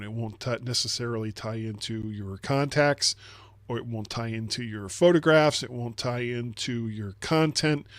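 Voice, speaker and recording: A man's voice: mid-range voice, no room sound. A man co-hosting a casual tech podcast, explaining at length and often repeating words as he thinks. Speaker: podcast co-host.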